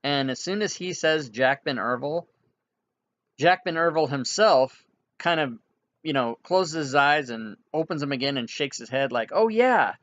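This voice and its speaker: A man's voice: medium pitch, moderate pace, a bit bright, highs cut off. A man narrating an online tabletop game as game master, casual and rambling, with many restarts.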